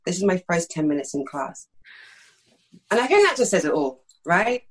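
Husky, lowish-voiced middle-aged woman. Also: moderate pace, rough recording. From East London, England. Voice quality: slight lisp that sometimes creeps in. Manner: frank, animated storytelling with many fillers. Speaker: actress, interview guest. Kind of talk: candid conversational interview.

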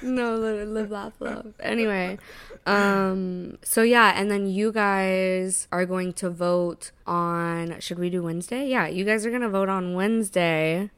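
Laid-back, slow-talking woman podcast co-host. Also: medium pitch, fairly even intonation, a bit bright, clear, resonant tone, no room sound. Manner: laid-back, swears casually, keeps steering back on topic. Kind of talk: casual chat.

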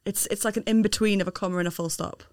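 A woman's voice: medium pitch, fairly even intonation, fast, a little mellow, clear, resonant tone, no room sound, clean studio sound. A woman co-hosting a podcast, chatting frankly, swearing casually and laughing easily. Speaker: podcast co-host. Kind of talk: casual chat.

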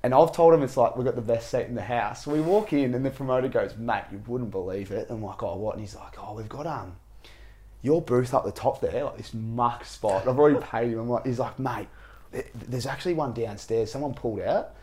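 An Australian man in his twenties or thirties hosting a podcast, telling stories in a lively, slangy, casual way with bursts of laughter. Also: medium pitch, brisk. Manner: animated storytelling, laughing, slangy. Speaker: podcast host. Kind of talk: casual chat.

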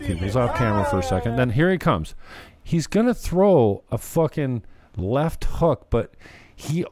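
A man's voice: mid-range voice, big pitch swings, a little slow, darkish tone, a faint crowd. A man hosting his own show, giving rambling, profane, joking commentary on viral videos. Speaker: show host.

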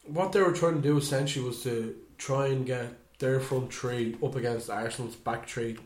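A man co-hosting a casual football podcast, animated and quick to mimic players in high voices. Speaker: podcast co-host. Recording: echoey room.

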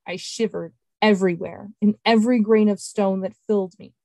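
A woman podcast host reading an excerpt of her fantasy novel in steady, clear storytelling. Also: mid-range voice, moderate pace, few pauses, no room sound.

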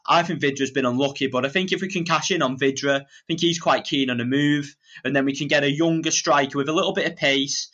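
A man's voice: mid-range voice, bright, forceful tone, highs cut off. A man, a podcast guest, talking football casually, hesitating and often asking if he makes sense. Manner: hesitant, many fillers and restarts, checks in with listeners.

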